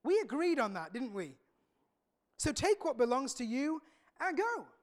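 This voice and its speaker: A woman voicing a calm, aloof male landowner who answers in a measured, firm way. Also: sits high.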